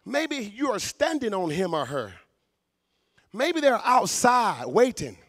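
A man preaching a sermon in a church, fervent, shouting for emphasis and stumbling over repeated words. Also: sits high, big pitch swings, takes it slowly, dry recording, studio quality.

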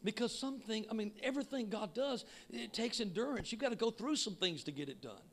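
Man, preacher, sermon, shouting, emphatic, high voice, gravelly. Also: expressive, fairly quick, slight background noise. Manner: shouting, emphatic, swinging between loud and quiet. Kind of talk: Pentecostal sermon.

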